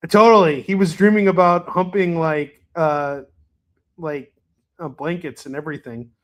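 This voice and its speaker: A man hosting a live shopping stream, chatting loosely, laughing and swearing freely. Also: a little high. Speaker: live shopping show host. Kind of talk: casual livestream chat.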